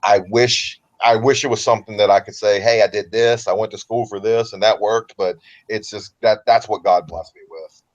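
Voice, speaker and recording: A relaxed man with a low baritone and a light Southern American accent rambles comfortably as an interview guest. He sounds a little dull and lo-fi, as if he is coming in over a remote call. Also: moderate pace. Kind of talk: casual interview talk.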